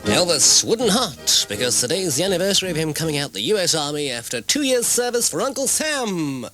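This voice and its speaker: Cheeky radio DJ over music. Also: male voice, on the high side, big pitch swings, brisk, hardly any pauses, pushed and bright, no room sound. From England. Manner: cheeky, chuckling. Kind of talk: jokey radio links.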